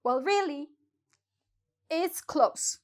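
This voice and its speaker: Woman, high voice; chatty, rambling online teacher who corrects herself often. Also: animated, drawn-out words. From Mexico. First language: Spanish. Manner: rambling, chatty, with frequent restarts and self-corrections. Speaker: Spanish teacher. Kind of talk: casual online language lesson.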